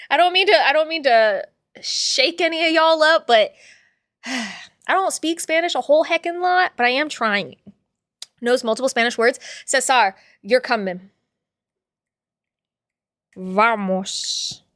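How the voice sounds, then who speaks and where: High-voiced playful woman streamer. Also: fairly bright tone, no room sound, clean studio sound. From father from Puerto Rico. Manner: playful, laughs often, rambling. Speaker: livestream host reading chat. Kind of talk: casual chat with viewers.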